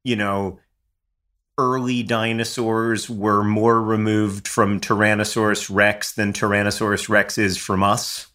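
A man's voice: on the low side, level tone, a little slow, sharp tone. A man co-hosting a casual podcast, wry and teasing, musing on odd facts. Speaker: podcast co-host.

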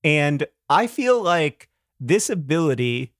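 A man with an American accent and a fairly high voice, co-hosting a chat show with a wry, joking delivery. He reads out listener letters between playful banter. The sound is dry and close, with no room around it. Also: big pitch swings, takes it slowly, dry recording. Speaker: podcast co-host. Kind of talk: casual chat.

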